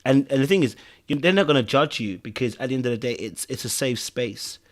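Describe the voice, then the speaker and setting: A man's voice: medium pitch, expressive, fairly quick. A man hosting a podcast in casual chat, rambling and checking in with "okay?" and "you know what I mean". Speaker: podcast host.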